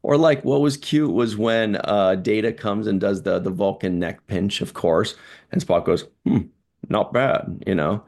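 Man, low voice, gravelly, casual co-host chat, playful. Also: normal speed, darkish tone. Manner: laughs often, acts out lines in silly voices. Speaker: podcast co-host.

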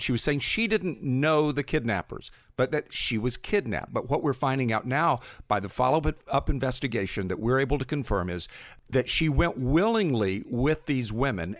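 A man co-hosting a podcast who reports on a case in a measured way, hedging his claims during a debate. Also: mid-range voice, no room sound, clean studio sound.

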